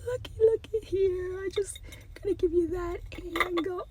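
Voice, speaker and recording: A woman unboxing gifts in a casual vlog, gushing and excitable, often dropping to a soft whisper as she looks over each item. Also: very high-pitched, normal speed, background noise. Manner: gushing, excitable, many exclamations. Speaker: haul video host.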